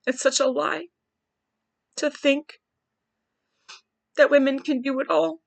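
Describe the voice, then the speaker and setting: A woman's voice: high-pitched, fairly even intonation, takes it slowly, vocal fry, no echo. A woman in her forties hosting a podcast, candidly thinking aloud in a searching, wry monologue. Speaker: podcast host. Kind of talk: personal reflective monologue.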